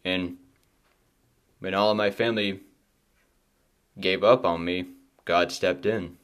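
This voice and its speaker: Deep-voiced guy telling his faith story on his podcast, choked up, keeps restarting. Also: fairly even intonation, a bit bright. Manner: halting, emotional, many restarts. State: emotional, close to tears. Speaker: podcast host. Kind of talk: personal testimony.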